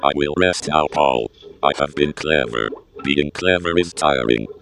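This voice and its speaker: A man voicing a slow, sleepy male creature who drawls and repeats praise of himself. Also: extremely low pitch, fairly bright tone, voice pushed down, exaggerated voice. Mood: drowsy, smug.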